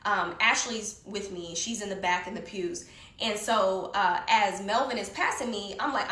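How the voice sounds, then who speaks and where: A woman telling a story in casual conversation, animated and heated, swearing often, recorded in an echoey room. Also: medium pitch, normal speed. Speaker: guest storyteller.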